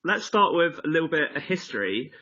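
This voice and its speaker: A man's voice: fairly high pitch, sing-song, fairly quick, pushed and bright. A man hosting a radio show, interviewing a guest casually over a video call, easygoing and full of "like". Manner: easygoing, says "like" often. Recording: slightly dull call audio.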